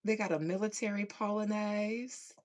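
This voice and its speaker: A woman hosting a podcast in a casual chat with listeners, laughing a lot and swinging between hushed asides and loud outbursts. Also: medium pitch, steady tone, normal speed. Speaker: podcast host.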